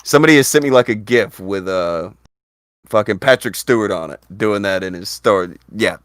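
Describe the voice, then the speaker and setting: A man's voice: lowish voice, moderate pace, fairly bright tone, no room sound, studio quality. A man hosting a casual commentary chat, blunt, profane and exasperated. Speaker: host.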